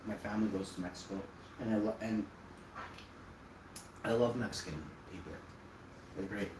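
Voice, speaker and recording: Rambling man, distant and roomy. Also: fairly low pitch. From Manitoba, Canada. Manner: blunt, loose and rambling, with off-hand swearing. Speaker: vlogger. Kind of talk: casual rambling monologue to camera. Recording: roomy, distant mic, noisy background.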